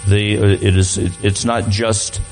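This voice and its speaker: A man's voice: lowish voice, steady tone, unhurried, poor audio. A man speaking as a guest at a church, talking to the congregation in a conversational way and often restarting his sentences. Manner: conversational, repeats words while restarting.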